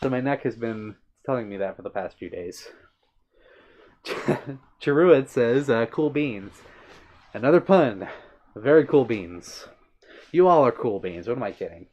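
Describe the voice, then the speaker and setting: A man's voice: mid-range voice, expressive, a little slow, pauses often, a little mellow. A man hosting a casual livestream, reading out viewer comments with a playful, giggly manner and brushing off compliments bashfully. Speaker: livestream host.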